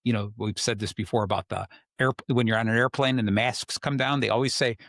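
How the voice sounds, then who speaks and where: A man's voice: mid-range voice, steady tone, fast talker, gravelly, fairly bright tone, no room sound, studio quality. A man hosting a podcast, talking through relationship advice in a conversational way and acting out what people say. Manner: conversational, acts out quoted people. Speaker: host. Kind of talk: casual advice talk.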